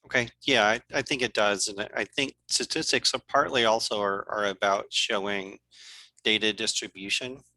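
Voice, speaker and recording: Give me a low-pitched man hosting a meetup, polite and a bit halting, with a bright edge. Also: fairly even intonation, no room sound, poor audio. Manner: polite, with small restarts. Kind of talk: casual chat.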